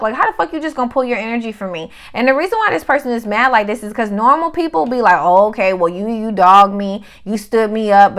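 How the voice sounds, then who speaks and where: Blunt, profane tarot reader woman. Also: a little high. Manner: blunt, profane, animated slang. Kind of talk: casual tarot reading.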